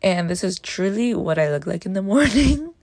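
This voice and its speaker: A woman dietitian chatting through a casual day-in-the-life voice-over in a relaxed, self-deprecating way, her voice gravelly from just waking up. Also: medium pitch, normal speed, dry recording. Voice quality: gravelly morning voice. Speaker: dietitian vlogger.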